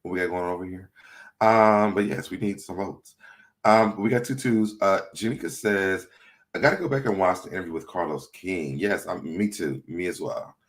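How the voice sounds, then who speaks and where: A man's voice: low-pitched, moderate pace. A man hosting a casual livestream, chatty and laughing often as he reads viewer comments aloud. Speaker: livestream host.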